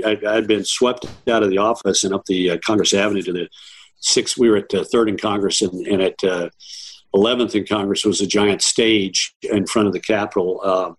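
A man, a campaign strategist, recalling events in an interview in a rambling, halting way. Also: fairly low pitch, rough recording. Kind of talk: recounting memories in an interview.

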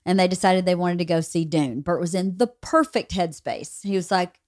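A woman's voice: on the low side, normal speed, few pauses. A woman in her forties hosting a podcast, chatting casually and acting out her family members as she tells stories. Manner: animated storytelling, acts out family members. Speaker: podcast host. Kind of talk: casual chat.

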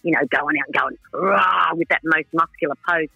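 A woman's voice: deep voice, level tone, fast, pushed and bright, breathy edge, no room sound, muffled recording, soft background music. A woman, chatting frankly and ramblingly as a reality TV contestant in a radio interview. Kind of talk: casual radio interview chat.

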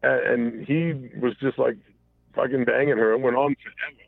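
Heard on a tinny phone connection, a caller with a steady, medium-pitched voice and vocal fry talks at a moderate pace without echo. He rambles through an honest personal story, restarting often and swearing.

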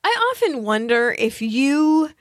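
A woman co-hosting a casual history podcast, telling the story with expressive asides. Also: high-pitched, slow, no echo, studio quality. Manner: expressive storyteller, reads quotes aloud. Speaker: podcast co-host.

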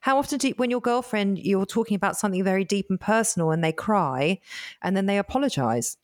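A woman coach co-hosting a podcast, with a mid-range voice. She talks emphatically and likes to wrap things up in a clear summary. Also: medium pitch, animated, fast. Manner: emphatic, sums up points. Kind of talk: casual chat.

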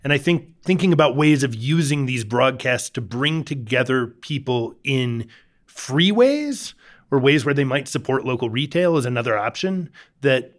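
Male reporter guest, explanatory and thoughtful, mid pitch. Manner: thoughtful, explanatory, occasional restarts. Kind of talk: talk show discussion.

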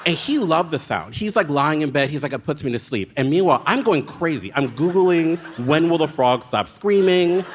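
A man telling a dramatic, comic story as a guest author on a live show, with quick asides. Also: fairly high pitch, animated, slight background noise.

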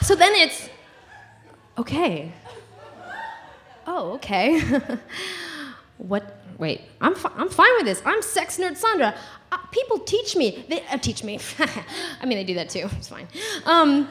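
A woman's voice: high voice, slow pace, pauses often. A woman telling a comic personal story live, giggling and acting out the voices of others. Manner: animated, giggly, acts out quotes.

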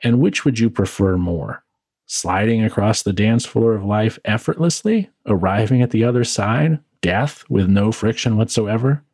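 A man's voice: lowish voice, lively intonation, moderate pace, a little mellow, husky, dry recording. A man hosting a podcast, reading his own reflective script with wry, dry asides, tired from working late. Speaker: podcast host. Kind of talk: scripted philosophical monologue.

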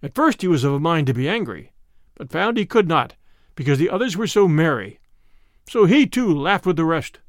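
A man hosting a show reads a classic storybook aloud in a measured, expressive manner. His voice sits fairly high and moves widely in pitch. The recording is close and dry. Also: no room sound. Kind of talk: storybook reading.

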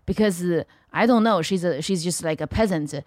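A woman comedian, talking bluntly in broken English and dropping shocking jokes deadpan. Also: lowish voice, fairly quick, no echo. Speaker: guest comedian. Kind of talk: casual comedic chat.

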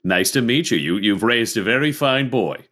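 A man's voice: mid-range voice, expressive, moderate pace, a bit bright, pitched above the performer's own voice. A man playing a polite, gold-clad giant king. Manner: polite, formal.

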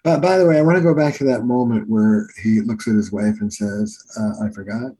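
A man's voice: medium pitch, steady tone, a little fast, dark tone, a little hiss or hum, rough recording. An older man, a family therapist, telling case stories in an earnest, emphatic teaching manner. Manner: earnest, emphatic teacher repeating key phrases. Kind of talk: storytelling in a podcast interview.

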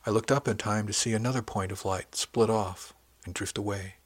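Hesitant frightened young wife, low husky voice, as a male narrator reads her lines. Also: fairly even intonation, moderate pace, dry recording, natural voice.

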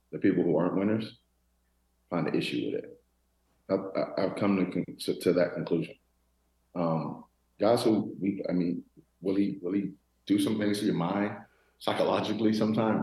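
A man in his thirties, a former football player from Florida, telling stories in a relaxed interview with many restarts. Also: sits low, reverberant, poor audio. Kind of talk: casual interview talk.

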